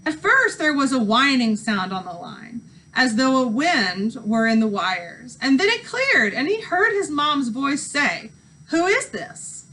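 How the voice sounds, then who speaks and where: A woman teacher reading a novel aloud to students with expressive narration. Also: sits high, unhurried, low-quality recording.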